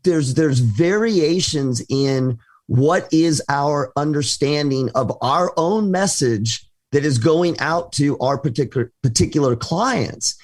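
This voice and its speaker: Male business show co-host, slightly high voice, halting and self-correcting delivery. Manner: hesitant, many restarts and fillers. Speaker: podcast co-host. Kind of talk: conversational business talk.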